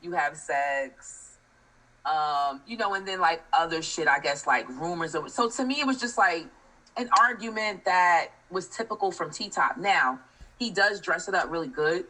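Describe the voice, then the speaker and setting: A woman's voice: fairly low pitch, expressive, unhurried, pushed and bright, poor audio. A woman with a soothing voice co-hosting a casual podcast chat, giving frank, blunt commentary. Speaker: co-host.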